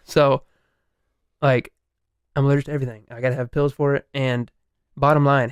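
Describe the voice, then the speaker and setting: Animated young man retelling a story. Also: mid-range voice, moderate pace, long pauses, clear, resonant tone, no echo. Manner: animated, swearing, laughing, many restarts. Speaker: podcast co-host. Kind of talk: casual chat, retelling a true crime story.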